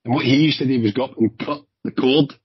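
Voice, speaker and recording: A man with a Glaswegian accent, a former police officer, telling hurried, animated stories in a casual chat with some swearing. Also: medium pitch, breathy edge, no echo. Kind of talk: casual anecdotal storytelling. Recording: dull lo-fi sound.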